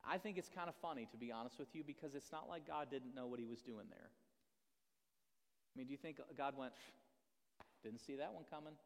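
A man's voice: medium pitch, normal speed, creaky. A man preaching a sermon in a conversational, self-deprecating way, often asking the audience questions. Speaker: pastor. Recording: long reverb of a large hall.

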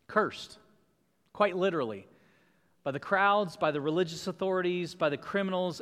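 A man pastor delivers an emphatic sermon in a church sanctuary, stacking up repeated refrains. His voice sits high for a man. A long reverb from the large hall carries behind his words. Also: fairly bright tone.

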